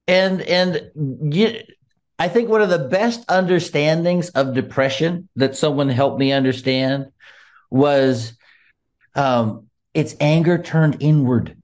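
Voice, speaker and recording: A man's voice: fairly high pitch, takes it slowly, darkish tone. A man talking earnestly about faith and forgiveness, laughing often and restarting his sentences. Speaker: guest. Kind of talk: casual faith talk.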